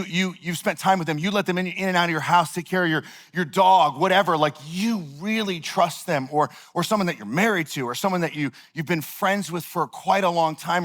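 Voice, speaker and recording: A man preaching a sermon, telling a personal story in a casual, animated way with lots of filler words. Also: a little high. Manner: animated, conversational, heavy use of "like". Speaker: pastor.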